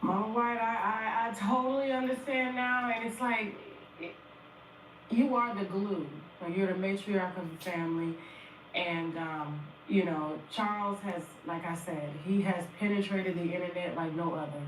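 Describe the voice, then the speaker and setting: A woman's voice: mid-range voice, normal speed. A woman hosting a podcast interview who talks hesitantly and uses many fillers. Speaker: podcast host. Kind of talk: interview talk. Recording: echoey, distant, faint noise.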